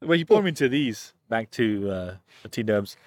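A man's voice: fairly low pitch, lively intonation, measured pace, a little mellow, no echo. Laid-back man telling a story, dry close mic. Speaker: podcast co-host. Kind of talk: casual chat.

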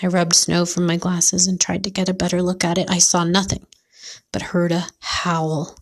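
A woman narrating a first-person story as an audiobook, in a measured, dramatic reading that often sinks to a hushed near-whisper. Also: fairly low pitch, monotone.

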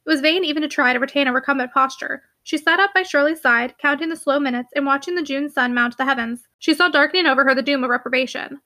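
A woman narrates a classic novel at a brisk clip, her voice high and bright. In the dialogue she drops to soft, hushed tones that lift expressively. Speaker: audiobook reader.

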